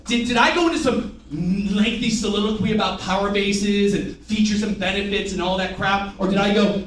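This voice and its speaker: A man's voice: sits high, normal speed, hardly any pauses. A man running a live sales training, firing rhetorical questions and getting the room to repeat after him. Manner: energetic, rhetorical questions, call-and-response with the room. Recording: echoey room from far off, faint noise.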